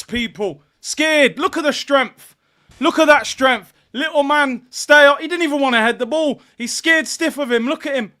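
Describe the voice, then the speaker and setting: A young man hosts a live football watchalong. His high, bright voice keeps breaking into exasperated rants and loud outbursts at his team's defending. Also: moderate pace. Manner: ranting, exasperated, frequent shouting. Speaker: fan watchalong host.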